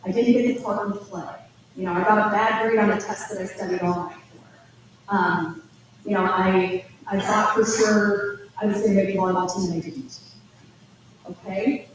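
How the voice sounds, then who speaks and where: A woman giving an informal college admissions talk, telling chatty, animated stories with lots of asides. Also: mid-range voice, normal speed. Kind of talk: informal presentation to parents and students. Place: school auditorium. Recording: echoey hall from far off, faint noise.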